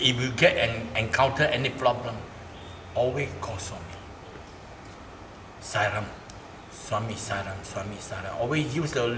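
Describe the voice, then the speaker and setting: A man with a Malaysian English accent recounts a personal story in an animated, repetitive way. His voice sits in a middle register. He was recorded in a roomy space with clear background noise behind him. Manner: animated, repeats phrases, gets louder and higher in quoted speech. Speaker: interviewee. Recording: roomy, noisy ambience.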